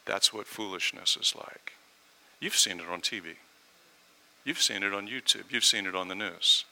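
A man's voice: fairly low pitch, normal speed, pushed and bright, poor audio. A man preaching a sermon, telling a story and acting out the voices in it. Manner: storytelling, acts out quoted voices.

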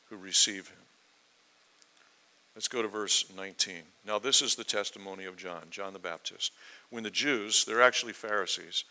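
A man's voice: medium pitch, pushed and bright, rough recording. A man preaching a verse-by-verse sermon, earnest and emphatic, building intensity as he quotes and explains scripture.

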